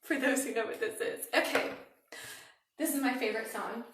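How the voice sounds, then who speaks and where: A woman's voice: a little high, normal speed, a bit bright, far from the mic. A woman in her forties hosting a live beauty-product party, talking in a bubbly, giggly, chatty way. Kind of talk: casual live demo chat. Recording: echoey room, faint noise.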